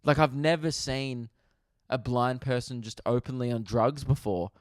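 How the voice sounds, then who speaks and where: A young Australian man hosting a podcast, telling a comedic story with animated swearing and laughter. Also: mid-range voice, moderate pace, dry recording, studio quality. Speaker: podcast host.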